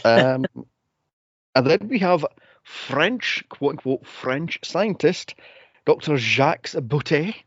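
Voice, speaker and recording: Animated man, dull dry recording. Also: on the high side, slow, slightly rough, dry recording. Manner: animated, laughing, rambling asides. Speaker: podcast co-host. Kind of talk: casual movie review chat.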